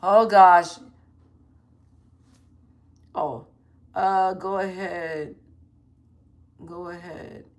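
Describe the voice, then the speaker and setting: A woman in her thirties chatting loosely to her livestream viewers on her phone, slangy and full of quick asides. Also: fairly low pitch, fairly even intonation. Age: 30s. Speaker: livestream host. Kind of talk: casual livestream chat reading comments.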